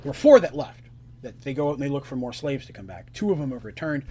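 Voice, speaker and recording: A man narrating as game master on a live stream, in a relaxed, rambling style. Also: medium pitch, fast, breathy edge.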